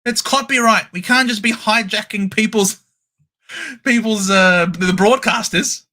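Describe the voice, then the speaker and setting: A high-voiced man calls a football match for his live-stream audience at an unhurried pace. His tone is bright and lively, and he breaks into shouts and cheers at the play. He speaks into a home streaming mic. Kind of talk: excited live sports commentary.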